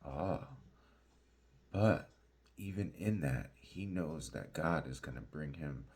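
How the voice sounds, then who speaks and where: A male pastor teaching through a Bible passage, halting with many fillers and restarts and often asking "right?" and saying "y'all". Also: rumbling low, animated, darkish tone, slight background noise.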